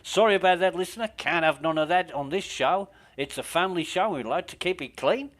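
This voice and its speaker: A man voicing a cheery male Australian radio host, with a put-on Australian accent in loud, high, sing-song presenter patter. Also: expressive, brisk. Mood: prim.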